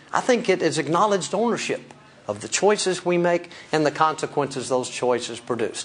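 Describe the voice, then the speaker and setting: A man's voice: on the high side, in a large hall. A man giving a keynote speech as a motivational speaker, quizzing the audience with rhetorical questions.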